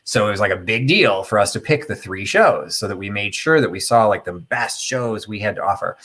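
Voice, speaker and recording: A man's voice: lowish voice, animated, brisk, fairly bright tone. A middle-aged man hosting a casual live chat, telling a rambling, opinionated story full of fillers and tangents. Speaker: host of a live chat stream.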